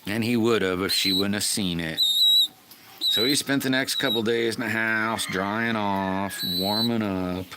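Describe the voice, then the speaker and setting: A man's voice: fairly low pitch, a little slow. A man hosting a livestream, chatting casually and folksily with viewers and greeting them by name. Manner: rambling and folksy, addresses chat by name. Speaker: livestream host. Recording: loud background noise.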